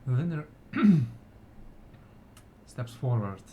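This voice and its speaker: A man narrating a fantasy ritual scene for a story game in a soft-spoken, deliberate way. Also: medium pitch, very animated, a little hiss or hum. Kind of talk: slow descriptive fantasy narration.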